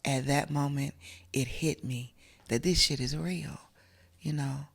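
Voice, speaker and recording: A woman's voice: very deep voice, fairly even intonation, unhurried, vocal fry, breathy edge. A middle-aged woman, from South Carolina, telling a personal story as an interview guest in an emotional, earnest, conversational way.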